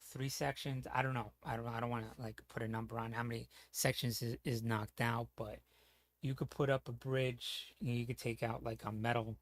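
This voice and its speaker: A man's voice: medium pitch, level tone, fairly quick, dry recording. A man talking casually as a streamer, rambling with lots of fillers, restarts and casual swearing.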